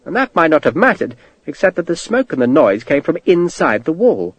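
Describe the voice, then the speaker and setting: Expressive male audiobook narrator. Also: a little high, normal speed, few pauses, husky, no room sound. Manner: expressive storytelling delivery. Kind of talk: scripted narration.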